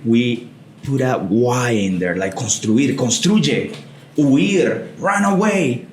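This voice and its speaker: A man's voice: medium pitch, animated, slow pace. Man, patient teacher, casual chat, echoey room. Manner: patient, explains step by step. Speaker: podcast co-host, Spanish teacher. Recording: roomy studio echo.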